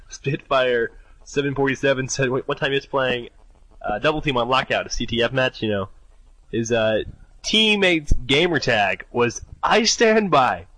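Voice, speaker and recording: Young male podcast co-host reading out fan entries, dry close sound, mid-pitched. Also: expressive, a little slow, bright, forceful tone, no room sound, rough recording. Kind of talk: casual gaming podcast chat.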